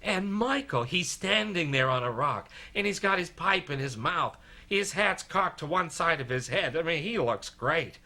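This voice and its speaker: An actor playing a self-mocking, out-of-shape husband, telling a story in a wry, self-deprecating comic monologue, with music behind. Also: male voice, on the high side, lively intonation, moderate pace, few pauses, bright, forceful tone, heavily acted. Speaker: film character narrating a monologue.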